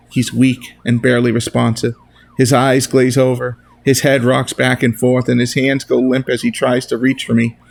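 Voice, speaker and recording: Guy reading his own novel, gravelly, pretty flat delivery. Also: medium pitch. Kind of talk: first-person novel narration.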